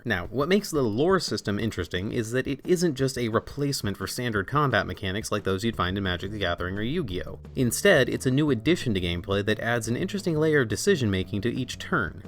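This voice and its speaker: A man's voice: lowish voice, fairly bright tone. A young man hosting a scripted, comedic review with a sarcastic, irreverent delivery. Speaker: video essay host.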